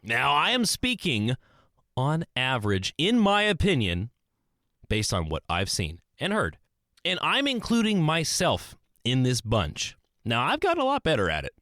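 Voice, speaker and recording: A man's voice: huge pitch swings, a little slow, bright, forceful tone, no room sound, studio quality. A young man hosting a podcast, talking alone in a casual, earnest and rambling way, restarting his sentences often. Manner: earnest, rambling, with many restarts and swings in pitch. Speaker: podcast host. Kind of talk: casual solo monologue. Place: small closet.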